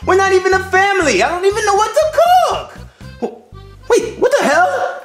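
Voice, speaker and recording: Goofy giggly man chef, high and wobbly, dim and silly, a man putting him on. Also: very animated, normal speed, fairly bright tone, reverberant, faint music behind, full character voice. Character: goofy male chef, dim and easily bossed. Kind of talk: puppet comedy skit.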